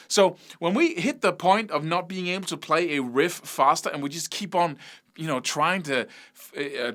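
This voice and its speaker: A man's voice: fairly high pitch, a bit bright. A man teaching guitar, talking casually and singing picking rhythms out as syllables. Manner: conversational, repeats himself and restarts. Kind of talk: spoken guitar lesson.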